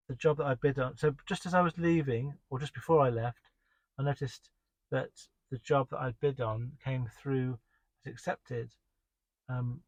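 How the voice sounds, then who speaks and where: A man's voice: medium pitch, no echo, poor audio. A man working as a delivery driver tells the story of his day in a rambling, exasperated way, full of restarts and "um"s. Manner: exasperated, complaining. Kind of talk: casual spoken diary.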